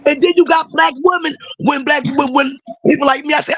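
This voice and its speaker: A hoarse woman with a raspy voice, a caller in a chat room giving an emotional, impassioned opinion and breaking into shouts. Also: high voice, a little fast, faint music behind, poor audio. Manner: emotional, apologetic, bursts into shouting.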